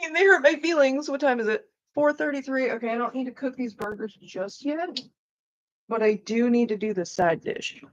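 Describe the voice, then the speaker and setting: A woman's voice: high-pitched, normal speed, dull audio. Profane woman chatting on stream. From Canada. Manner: profane, rambling, fillers of "like". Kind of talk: casual chat with viewers.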